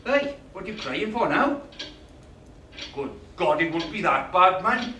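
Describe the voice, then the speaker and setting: A man's voice: high voice, animated, measured pace, sharp tone, a little hiss or hum, heavily acted. A man performing a live stage monologue as a cantankerous, swearing older man complaining in a hospital waiting room. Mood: ranting. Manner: gruff, complaining, swearing, bossy. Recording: roomy live stage sound, distant mic.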